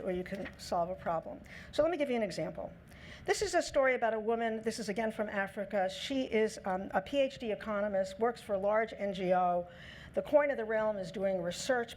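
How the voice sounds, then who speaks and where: A woman giving a lecture on negotiation, lively, acting out the quoted lines in her own voice. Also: mid-range voice, vocal fry, slight background noise. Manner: lively, acts out quoted dialogue in her talk. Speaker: speaker on negotiation. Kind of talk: lecture talk.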